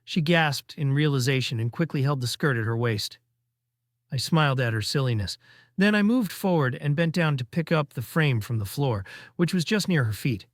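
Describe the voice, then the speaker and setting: A man reading a first-person story aloud, delivering teasing dialogue briskly. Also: medium pitch, lively intonation, no echo, studio quality.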